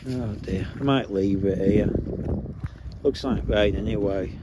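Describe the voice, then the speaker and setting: Man, low register, chatty and coaxing, outdoor phone recording with background noise. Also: measured pace. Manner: chatty, muttering asides, coaxing the dogs. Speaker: vlogger. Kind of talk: casual chat while walking dogs. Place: outdoors on a field walk. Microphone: handheld phone.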